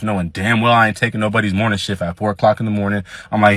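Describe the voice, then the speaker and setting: A man telling a profane, animated party story in casual slang, quoting people in his own voice. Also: on the low side, fast, hardly any pauses, no room sound. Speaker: storyteller guest.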